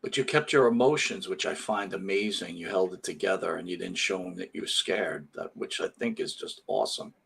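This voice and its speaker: A man's voice: deep voice, fairly quick, vocal fry, few pauses, fairly bright tone, a little hiss or hum. A man hosting an interview show, enthusiastic and joking with his guest. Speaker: host.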